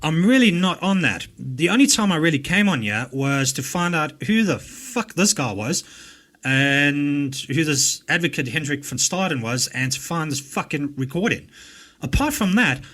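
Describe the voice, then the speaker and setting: A man with an English-speaking South African accent tears into a recording with a fairly high voice. His commentary is angry and mocking, full of profanity. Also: sing-song, normal speed, a bit bright. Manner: angry, swearing, mocking rants. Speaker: host reacting to a recording.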